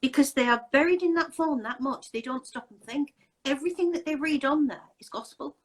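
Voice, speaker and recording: A woman's voice: high-pitched, a little fast, rough recording. A woman hosting a casual interview chat, talking in an indignant, emphatic way with many rhetorical questions. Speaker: host.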